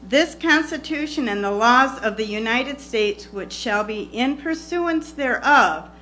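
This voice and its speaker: A woman at a county board meeting giving public comment in a deliberate, formal way, reading text aloud. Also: fairly high pitch, sharp tone, slight background noise. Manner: slow, deliberate, formal recitation.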